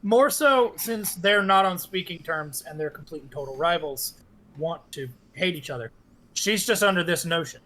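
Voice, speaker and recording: A man playing a tabletop game, laying out his character's schemes in a deliberate, talkative way. His voice is high for a man and sounds bright and forward. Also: lively intonation, a little hiss or hum, poor audio. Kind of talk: casual game chat.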